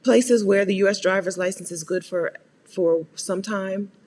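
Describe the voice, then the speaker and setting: A woman's voice: mid-range voice, measured pace, darkish tone, big-room sound, slight background noise. An American woman hosting a live Q&A, chatting casually, laughing often and greeting viewers by name. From United States. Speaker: host answering viewer questions. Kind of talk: live Q&A chat.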